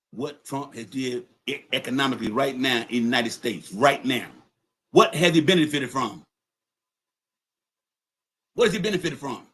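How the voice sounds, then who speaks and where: A podcast host on a livestream setup rants angrily and profanely, confronting his audience and repeating points for emphasis. His voice is a little high with a fairly bright tone.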